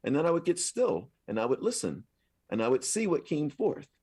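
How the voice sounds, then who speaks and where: A man's voice: on the high side, sing-song, moderate pace, mellow, breathy edge, no echo. A man, a minister, preaching a sermon at a live service in a conversational, affirming way, repeating his points. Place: live service at a spiritual center.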